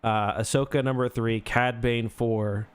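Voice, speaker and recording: A man's voice: mid-range voice, fairly even intonation, measured pace, clear, resonant tone. A man co-hosting a casual podcast, joking around, swearing casually and slipping into silly voices. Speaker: podcast co-host.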